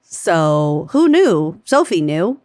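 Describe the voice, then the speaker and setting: A woman's voice: low voice, big pitch swings, takes it slowly, darkish tone, dry recording, clean studio sound. A woman co-hosting a podcast in casual chat, joking and laughing often. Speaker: podcast co-host.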